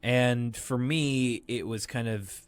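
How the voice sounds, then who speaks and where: A young adult man co-hosting a podcast, recapping a cartoon episode in a rambling, animated way with lots of fillers. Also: mid-range voice, takes it slowly, clean tone, no echo. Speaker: podcast co-host. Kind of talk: casual chat recapping a cartoon.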